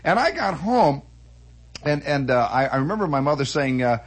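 Male comic monologist, high voice with a husky edge, animated delivery full of sound effects. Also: normal speed. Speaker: storyteller.

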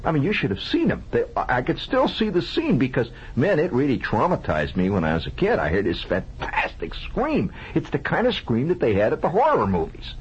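Husky, animated male radio storyteller. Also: a little high, brisk, few pauses. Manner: animated, conversational, asks the audience questions, sound effects with mouth. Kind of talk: improvised comic storytelling monologue. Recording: lo-fi old radio broadcast.

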